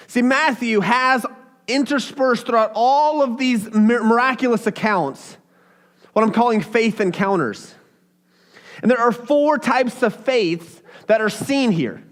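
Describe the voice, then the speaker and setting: A young man preaching a casual, animated sermon, acting out the quotes as he goes. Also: very high-pitched. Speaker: pastor.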